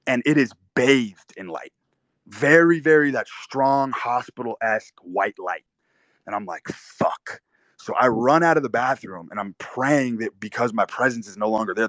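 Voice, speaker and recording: A man's voice: medium pitch, a bit bright, dry recording. Young guy, mid-range voice, telling a raw, cuss-heavy personal story, recorded dry. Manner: intense, profane, vivid storytelling. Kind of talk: first-person storytelling monologue.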